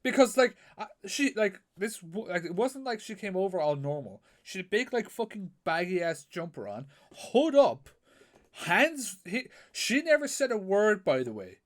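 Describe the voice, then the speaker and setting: A man, co-hosting a podcast in casual chat, animated and swearing freely as he talks. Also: high-pitched, moderate pace. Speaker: podcast co-host.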